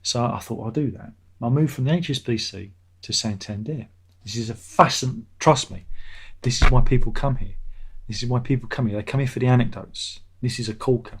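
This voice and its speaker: A man's voice: medium pitch, fairly quick, husky. A middle-aged man hosting a casual live stream, reading out chat messages and rambling sarcastically, often laughing at his own jokes.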